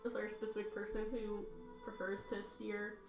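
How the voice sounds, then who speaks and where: A woman's voice: medium pitch, little pitch movement, brisk. A woman narrating a tabletop game as game master, casual with lots of fillers. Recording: roomy, far from mic, music.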